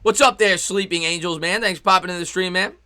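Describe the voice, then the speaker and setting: A young man calling a baseball game live on his stream, excitable and chatty, reading viewers' messages between pitches. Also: quick pace. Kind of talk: fan play-by-play commentary on a live stream.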